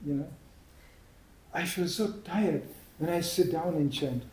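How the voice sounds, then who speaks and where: A man's voice: fairly high pitch, a little slow, darkish tone, a little hiss or hum. Chatty man giving a spiritual talk. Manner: chatty, anecdotal, laughs at own stories. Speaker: devotional speaker. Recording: echoey room.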